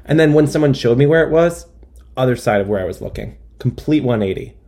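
A man's voice: mid-range voice, animated, brisk, dark tone. A young man telling a comic monologue in a rambling, self-deprecating way with wry asides. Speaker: comedian. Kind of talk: stand-up style comic monologue.

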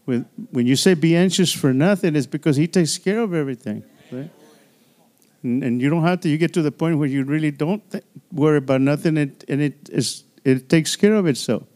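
A male pastor delivering a church sermon with a voice pitched a little high for a man. He preaches in a loose, chatty way, filling it with "you know" and "hallelujah" and often stumbling back over his words. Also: brisk, a little mellow. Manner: repeats and restarts words often.

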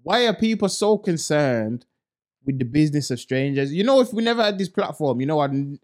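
In a laid-back podcast conversation, an animated male co-host rants bluntly and a little fast, using lots of street slang. He ridicules others by imitating them in high, exaggerated voices.

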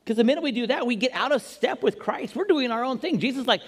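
A man preaching a sermon as pastor, animated and jokey, acting out quotes as he goes. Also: very high-pitched, racing, hardly any pauses, breathy edge. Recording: long reverb in a large hall.

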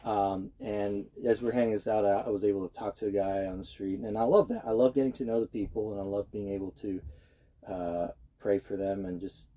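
A man's voice: on the low side, fairly even intonation, fairly quick, warm tone. A young man in casual conversation, speaking earnestly and hesitantly, often restarting his sentences. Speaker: guest. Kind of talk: casual chat.

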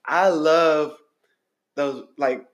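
A man's voice: fairly high pitch, extremely slow. A man co-hosting a podcast, chatting casually and joking, often laughing. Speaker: podcast co-host. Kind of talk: casual chat.

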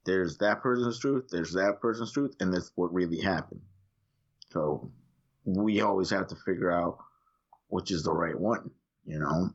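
Low-voiced man, dull lo-fi sound. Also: measured pace. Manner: rambling storyteller who keeps clearing his throat. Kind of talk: casual chat.

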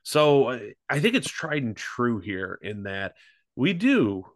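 A man's voice: medium pitch, very animated, slow, no room sound, studio quality. A man co-hosting a podcast in casual chat, rambling through his points with lots of fillers and restarts and swearing freely. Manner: rambling, loose delivery with many fillers and restarts. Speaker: podcast co-host.

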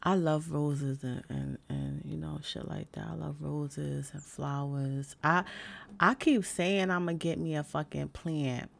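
Young new woman venting, gravelly fry in her voice, cussing nonstop, lots of fillers. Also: low voice, steady tone, a little slow, faint music behind. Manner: blunt, heavy swearing, lots of fillers. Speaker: vlogger. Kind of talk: casual rant to camera.

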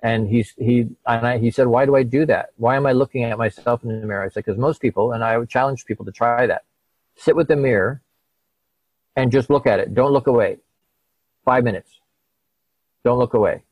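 A man's voice: medium pitch, a little fast, pauses often, no room sound, highs cut off. A middle-aged man, a guest, telling a personal story in conversation and acting out the voices of the people in it. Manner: animated, acts out quoted dialogue.

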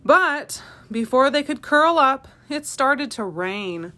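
A woman, a parent hosting a family podcast, reading a children's storybook aloud with expressive, animated delivery. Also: sits high, takes it slowly.

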